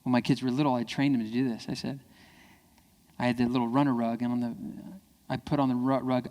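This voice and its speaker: A man giving a lively keynote speech to parents, acting out quoted kids and parents in high voices. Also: fast. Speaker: keynote speaker. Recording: hall reverb.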